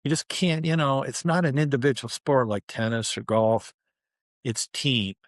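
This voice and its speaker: Older guy spinning animated stories, mid-pitched voice, dry close sound. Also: moderate pace, no echo. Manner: animated storyteller, heavy use of "you know" and "man". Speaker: guest, former pro basketball player. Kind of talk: interview storytelling.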